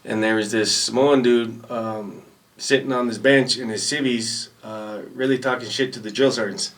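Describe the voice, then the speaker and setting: A man's voice: medium pitch, fairly even intonation, normal speed, a bit bright, far from the mic. A man guest telling casual stories, rambling and laid-back. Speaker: podcast guest. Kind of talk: casual storytelling. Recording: voice a bit off-mic.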